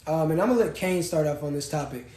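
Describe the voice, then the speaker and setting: A young man, co-hosting a casual live-stream chat in an animated, slangy way. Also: fast. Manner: animated, slangy, jumps from loud to low. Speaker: podcast co-host. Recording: roomy echo, faint noise.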